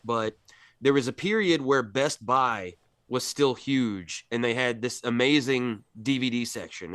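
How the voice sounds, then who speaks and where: A man's voice: mid-range voice, fairly bright tone, dry recording, clean studio sound. A man in a casual movie chat, telling long, rambling side stories. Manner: rambling storyteller, digressive.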